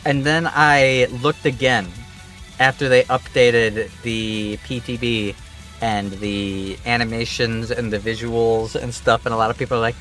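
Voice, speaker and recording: A man's voice: medium pitch, measured pace, fairly bright tone, soft background music. Profane, rambling male streamer. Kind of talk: casual livestream chat.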